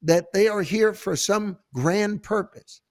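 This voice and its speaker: A man hosting a Christian talk show, telling stories in a fervent, preacherly way with halting restarts, on a close mic. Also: high voice, dry recording. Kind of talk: preacherly storytelling and interview.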